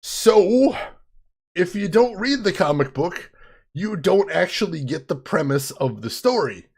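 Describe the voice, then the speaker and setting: Lively husky man hosting a let's play. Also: high voice, a little slow. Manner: playful showman, mock-grand announcements. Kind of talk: casual game commentary.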